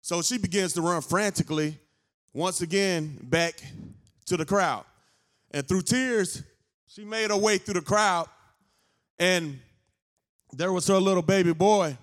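A male pastor, telling a story in a sermon as an unhurried storyteller. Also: high-pitched. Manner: unhurried storyteller who builds to fervent preaching. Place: church sanctuary.

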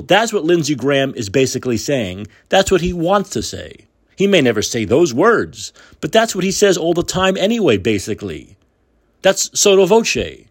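A man's voice: fairly high pitch, wildly swooping pitch, moderate pace, breathy edge. A man hosting his own talk show, delivering heated, indignant political commentary with repeated phrases. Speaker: podcast host.

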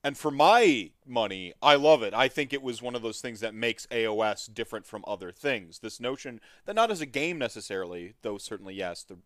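A man's voice: mid-range voice, animated, brisk, hardly any pauses, fairly bright tone, no room sound, clean studio sound. Rambling, upbeat man hosting a podcast. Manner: rambling, lots of filler words and restarts; laughs often, friendly and upbeat. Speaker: podcast host. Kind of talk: casual hobby podcast chat.

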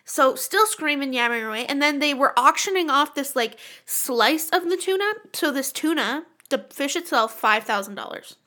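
A young woman in casual podcast chat with a high, bright voice. She tells her stories animatedly and swears freely. Her reactions to everything are big and exaggerated. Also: animated, normal speed, hardly any pauses. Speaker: podcast co-host.

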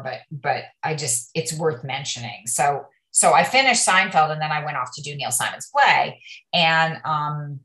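Middle-aged actress as a talkative interview guest, lowish voice, roomy echo. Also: female voice, sharp tone. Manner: chatty, rambling storyteller with many restarts. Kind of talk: casual interview chat.

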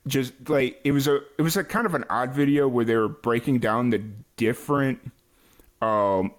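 A man's voice: medium pitch, normal speed. An American man hosting a casual music podcast interview, talking in a loose, searching way. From United States. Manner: hesitant, many fillers and restarts. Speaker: podcast host.

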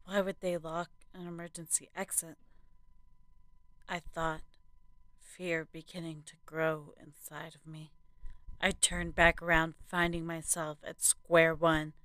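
A woman hosting a podcast and narrating a horror story in a hushed, suspenseful manner. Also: sits low, little pitch movement, measured pace, no echo.

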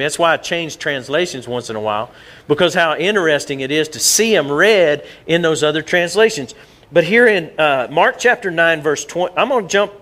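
Conversational pastor man, higher voice. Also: a bit bright. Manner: conversational, repeats words and jumps back and forth. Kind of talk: sermon. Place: church sanctuary.

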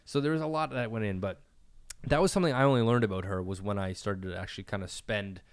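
A man's voice: lowish voice, quick pace, clear, resonant tone. A young man from Canada hosting a casual podcast, telling rambling stories full of "like" fillers, close to the mic. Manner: rambling storyteller, lots of "like" fillers. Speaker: podcast host.

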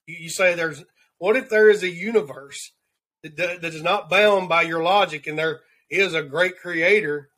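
A man's voice: fairly high pitch, moderate pace, bright, forceful tone. A man with a Southern accent giving an earnest, rambling devotional segment as a podcast host, repeating words as he searches for them. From Southern United States. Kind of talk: devotional segment of a talk show.

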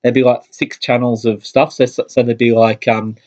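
A man's voice: medium pitch, little pitch movement, normal speed, darkish tone. Aussie guy on a movie podcast, keen storyteller, dull lo-fi sound. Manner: enthusiastic storytelling. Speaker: podcast co-host. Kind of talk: casual chat about movies.

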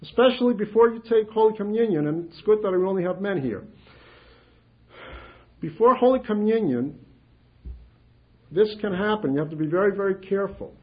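High-voiced man giving a spiritual talk. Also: animated, moderate pace, long pauses. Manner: conversational, repeats phrases, acts out simple prayers. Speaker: speaker on spiritual life. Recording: dull lo-fi sound.

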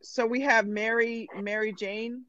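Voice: medium pitch, fairly even intonation, unhurried, sharp tone. Easygoing host on lo-fi audio. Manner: easygoing, reads out audience messages. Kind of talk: casual chat. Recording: dry, dull lo-fi audio.

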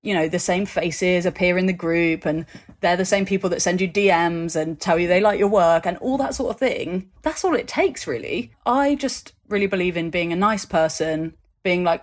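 A woman talks as an interview guest in a fairly low voice. Her stories are animated and full of fillers. She slips into other people's voices as she tells them. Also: normal speed. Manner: animated storytelling, acts out voices in anecdotes, many fillers. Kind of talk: conversational interview.

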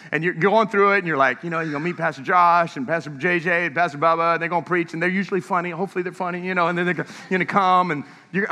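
Pastor, man, high bright voice, energetic storyteller preaching in a reverberant sanctuary. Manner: energetic storytelling, laughing often. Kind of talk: sermon. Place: church sanctuary. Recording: long echo of a large church hall.

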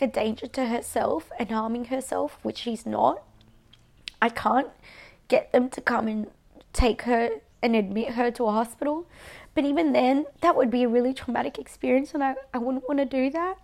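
A woman's voice: high voice, vocal fry, a little mellow. A young Australian woman venting to her viewers in a personal vlog. She swears often, fills her talk with "like," and sounds close to tears. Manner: venting, frequent swearing and "like" fillers. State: near tears, voice breaking. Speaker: vlogger.

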